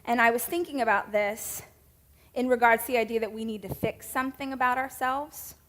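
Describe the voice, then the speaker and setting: A woman's voice: a little high, steady tone, fairly quick, a bit bright, slight background noise. A woman in her thirties with a Southern American accent, giving a chatty, self-mocking sermon talk to a women's church group. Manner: chatty, self-mocking, with laughs and playful asides.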